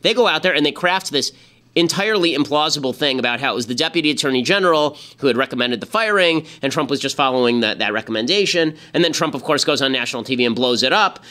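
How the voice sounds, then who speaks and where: A man in his thirties delivers a rapid-fire political monologue, his voice bright, tense and pitched a little high for a man. He piles on sarcastic rhetorical questions with exasperated energy, hosting his own commentary show.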